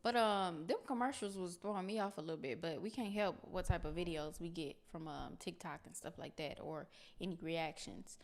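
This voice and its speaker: Lady doing a reaction vid, kinda low voice, earnest, talking straight to viewers. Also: moderate pace, few pauses. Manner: earnest, speaks plainly to viewers. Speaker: reaction video host. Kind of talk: casual commentary.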